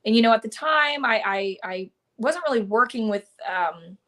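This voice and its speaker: A country singer chats casually from her Nashville home during a live-streamed video-call interview, her fairly high, animated voice moving at a normal speed with a fairly bright tone. She talks in a loose, chatty way, full of fillers and restarts.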